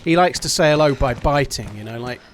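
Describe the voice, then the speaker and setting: A man chats away on a gaming live stream, loose and foul-mouthed, thanking viewers as he plays. His voice sits at an ordinary middle pitch. A steady hiss of noise runs under the stream audio. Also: a little fast. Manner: chatty, swears freely, thanks supporters. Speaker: game streamer. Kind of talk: casual live-stream chat while gaming.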